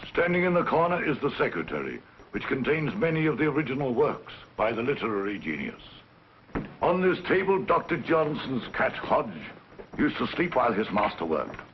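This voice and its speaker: A man's voice: medium pitch, sing-song, normal speed, natural voice. An actor playing a pompous male museum tour guide in 1940s film acting, lecturing theatrically. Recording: dull old film soundtrack with faint hiss.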